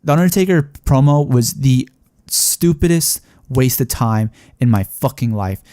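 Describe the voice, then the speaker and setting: A man's voice: mid-range voice, expressive, unhurried, dark tone, dry recording, clean studio sound. A young man giving a casual, heated review of a wrestling show, rambling and swearing with lots of fillers.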